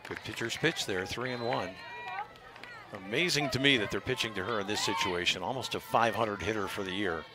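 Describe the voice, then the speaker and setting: A male play-by-play announcer calls a softball game live, measured and analytical, though he sometimes rises to shouts on big plays. His pitch is fairly low.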